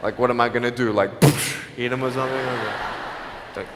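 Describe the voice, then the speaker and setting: A man giving a motivational speech to a live audience, telling his story in an animated way, acting out the people in it and mixing playful jokes with earnest appeals. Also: mid-range voice, a little fast, big-room sound, heavy background noise. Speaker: motivational speaker.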